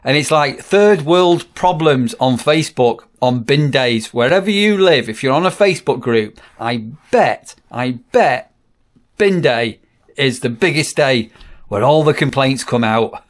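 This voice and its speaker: A man's voice: mid-range voice, expressive, unhurried, dry recording. A man, a campsite warden chatting casually in a rambling vlog with wry asides. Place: on the move, outdoors and in a car.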